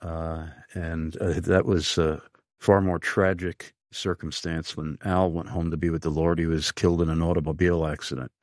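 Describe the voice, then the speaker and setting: A man hosting a radio interview show, speaking in an earnest, halting way with frequent pauses. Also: low voice, flat delivery, darkish tone, no echo, studio quality. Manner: slow, earnest, halting with many uhs.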